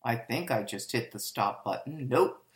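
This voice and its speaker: A woman's voice: extremely low pitch, moderate pace, reverberant. An older woman telling her life story in a candid, rambling way, often correcting herself, recorded at home. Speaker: podcast storyteller. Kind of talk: personal life-story monologue.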